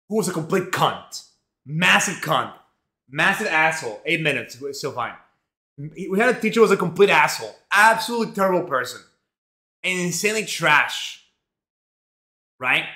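A male streamer telling a rambling, profane story in a casual, animated way, full of fillers. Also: a little high, reverberant.

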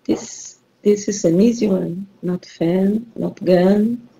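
A woman's voice: medium pitch, takes it slowly, vocal fry, warm tone, highs cut off. A woman teaching English online, running a rhyming word game and patiently repeating clues and praising her students.

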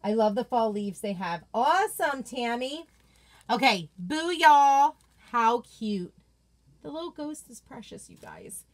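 A woman's voice: on the high side, lively intonation, measured pace. Gushing woman host. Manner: gushing, enthusiastic. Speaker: craft seller host. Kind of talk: casual livestream chat reading viewer comments.

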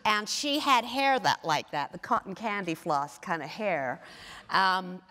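A woman chatting as a guest in an onstage interview, animated and laughing often. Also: on the low side, a little slow. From England. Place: stage in a large hall. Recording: long hall reverb.

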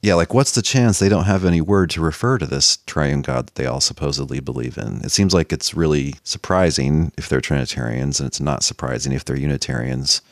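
A man hosting a casual podcast talk about theology, explaining his reasoning in a wry, measured way. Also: very deep voice, no echo, studio quality. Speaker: podcast host.

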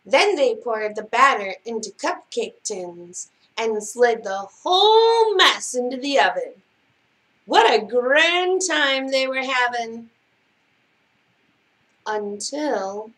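A woman librarian reading a picture book aloud at story time, expressive and given to big exclamations. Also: on the high side, slow. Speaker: children's librarian.

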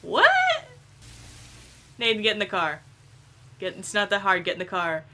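A young woman giving casual, excitable gameplay commentary, swearing and laughing often. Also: medium pitch, normal speed, slight background noise. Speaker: gameplay video creator.

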